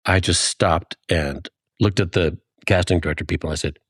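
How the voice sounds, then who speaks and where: A man's voice: sits low, moderate pace, no room sound, clean studio sound. A man in his fifties co-hosting a podcast, telling stories in a casual chat and acting out the lines he quotes. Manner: animated storytelling, acts out quoted lines. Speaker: podcast co-host.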